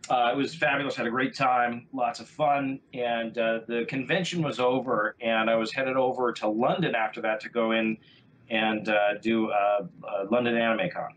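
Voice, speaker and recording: A man from California, a voice actor, telling stories on a podcast in a relaxed, rambling way with many fillers. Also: mid-range voice, moderate pace, a little hiss or hum, rough recording. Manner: relaxed anecdotal telling, many ums and uhs. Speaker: guest voice actor. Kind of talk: casual storytelling on a podcast.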